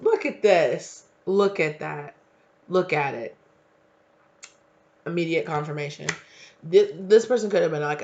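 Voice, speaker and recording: Gravelly-voiced man reading tarot. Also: on the high side. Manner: chatty, slangy and emphatic. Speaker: tarot reader. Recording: dull lo-fi recording.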